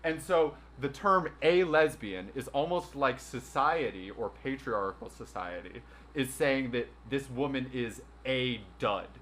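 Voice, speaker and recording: A man's voice: mid-range voice, unhurried, hardly any pauses, fairly bright tone, a little hiss or hum. A young man hosting a casual livestream chat, rambling and joking with many restarts. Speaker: livestream host. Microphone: phone.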